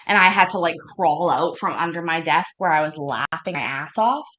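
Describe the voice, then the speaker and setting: A woman's voice: low voice, moderate pace, fairly bright tone. Stoned, chatty woman. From Canada. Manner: chatty, profane, easily sidetracked. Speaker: streamer reacting to a court show. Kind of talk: casual rambling storytelling.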